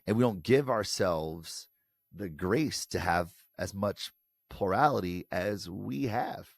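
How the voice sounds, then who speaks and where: An American man from Detroit, a professor and author, talking in an interview in a lively way and acting out quoted voices. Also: deep voice, slow pace, no echo, clean studio sound. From Detroit, United States. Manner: animated, acts out quoted voices. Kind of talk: conversational interview.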